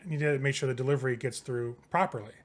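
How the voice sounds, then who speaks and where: A man's voice: mid-range voice, fast, natural voice. A man voicing a curt, impatient male businessman vampire with a German accent. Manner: curt, clipped, threatening.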